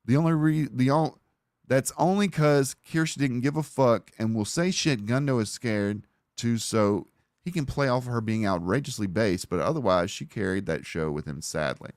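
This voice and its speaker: A man's voice: mid-range voice, lively intonation, normal speed, dry recording, studio quality. A man hosting a livestream, rambling in profane, casual commentary and talking over a video he is reacting to. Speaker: livestream host.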